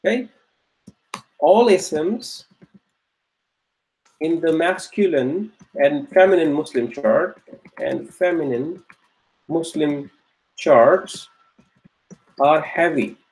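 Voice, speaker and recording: A man with a slightly high, darkish voice teaches Arabic grammar online, speaking extremely slowly and pausing often. Patient by nature, he goes over each point again and makes sure the class is following.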